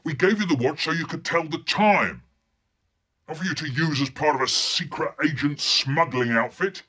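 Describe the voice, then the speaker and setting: British man putting on a stern father, higher voice, loud, scolding, husky. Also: wildly swooping pitch, normal speed, full character voice. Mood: furious. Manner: indignant, scolding. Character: stern, angry father of a young boy.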